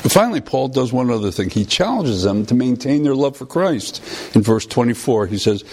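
Gravelly, husky-voiced male preacher. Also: mid-range voice, lively intonation, darkish tone. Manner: conversational, halting with restarts. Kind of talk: sermon.

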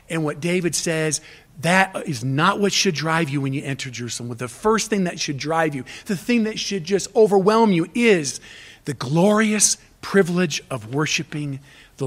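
A male pastor delivers an expository sermon from a church stage. His voice sits high for a man, and he presses his points earnestly and emphatically. He often stops and restarts phrases as he builds toward the key word. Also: a bit bright.

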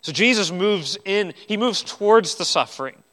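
A man preaching a sermon in an earnest style, swinging between loud, emphatic lines and quiet ones, and repeating words as he restarts. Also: sits high, lively intonation, moderate pace. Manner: earnest preaching with sweeping rises and drops in loudness. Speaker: pastor.

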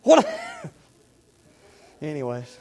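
A man's voice: fairly high pitch, huge pitch swings, drawn-out words, gravelly, dark tone. A middle-aged man preaching in church, telling a personal story in a conversational way, then building to emphatic preaching with repeated phrases. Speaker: pastor. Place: church sanctuary. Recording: long hall reverb.

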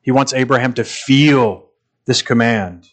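Here a pastor preaches in a mid-range male voice. He stays earnest and measured, repeating phrases and pausing before climbing into emphatic moments.

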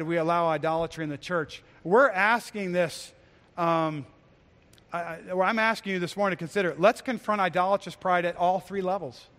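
High-voiced preaching man in a reverberant hall. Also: fairly bright tone. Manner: earnest preaching, rising to emphatic exhortation. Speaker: pastor. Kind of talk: sermon.

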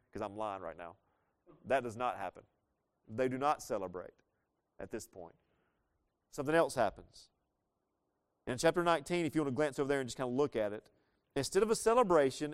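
A man preaching a sermon, explaining a Bible story in a conversational way with playful asides and reading scripture slowly. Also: mid-range voice, clean tone.

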